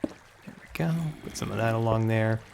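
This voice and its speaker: A man's voice: lowish voice, normal speed, creaky, background noise. A young man casually commenting on his own game tutorial, musing aloud, repeating phrases, a little out of breath. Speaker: Minecraft YouTuber.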